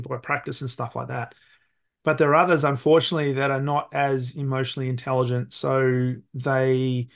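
A middle-aged man with an Australian accent, chatting casually on a podcast as a guest, rambling and correcting himself as he goes. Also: mid-range voice. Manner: rambling, self-correcting, laughs easily. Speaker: podcast guest, sales leader. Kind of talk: casual conversation.

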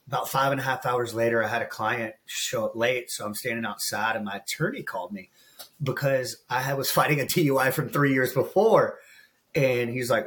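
A man's voice: medium pitch, fairly quick, a bit bright. Earnest man speaking with raw emotion. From United States. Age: about 40. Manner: emotional, earnest, calls the host bro and man. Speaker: guest, transformation coach. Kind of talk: candid podcast interview.

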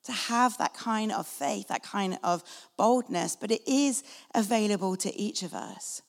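Female preacher, conversational and earnest, slight vocal fry, in a reverberant church hall. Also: medium pitch, measured pace. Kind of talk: sermon. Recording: long reverb of a large hall.

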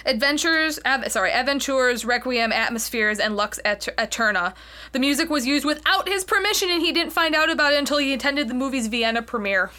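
A woman's voice: high voice, expressive, fairly quick, bright, forceful tone. A woman co-hosting a casual film review podcast, reading trivia aloud and stumbling over hard names. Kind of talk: casual chat.

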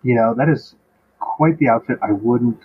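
A man's voice: medium pitch, moderate pace. A man co-hosting a podcast, chatting casually about a TV episode and throwing in joking asides. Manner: jokey, teasing asides. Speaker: podcast co-host. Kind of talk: casual chat reviewing a TV episode. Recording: dull lo-fi sound with faint noise.

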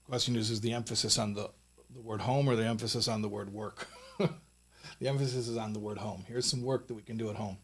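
A man teaching a Torah lesson in a studio. He speaks emphatically, rises higher and louder to stress his points, and often repeats words as he teaches. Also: steady tone, fast talker, slightly rough. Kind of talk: recorded Torah talk with a closing blessing.

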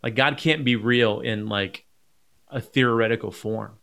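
A man's voice: medium pitch, fairly even intonation, measured pace, creaky, fairly bright tone. A man hosting a podcast, responding in an encouraging way and searching for words as he talks. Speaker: podcast host. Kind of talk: conversational podcast.

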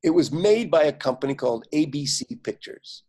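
An older man, a guest, telling anecdotes in an animated way, acting out other people's lines and often laughing. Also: fairly high pitch, fairly quick. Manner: animated storyteller, quotes others in lively voices, frequent fillers and laughs. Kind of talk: anecdotal storytelling.

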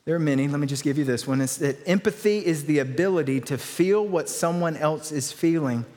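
A male pastor delivering a sermon in an easygoing, conversational style. His voice sits a little high for a man, and he drops casual slang asides into his preaching. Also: brisk, a little mellow.

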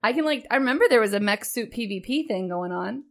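A woman's voice: fairly high pitch, animated, fast. A woman co-hosting a casual gaming podcast, playful and teasing, swearing freely as she chats. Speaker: podcast co-host.

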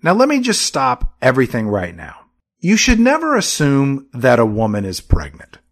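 A man's voice: medium pitch, moderate pace. A man co-hosting a comedic movie podcast, recapping scenes and acting out the characters. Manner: animated storyteller, acts out characters. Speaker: podcast co-host.

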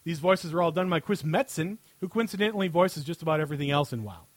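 A man's voice: fairly high pitch, animated, quick pace, dry recording. A man hosting a podcast, reading a satirical article aloud in a sarcastic tone and often breaking into laughter. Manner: reads with frequent laughter, sarcastic. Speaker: podcast host.

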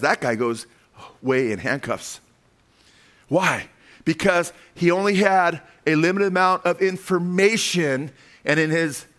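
A man's voice: on the high side, a bit bright. A man preaching a sermon, emphatic and full of rhetorical questions, telling stories with dramatic flair.

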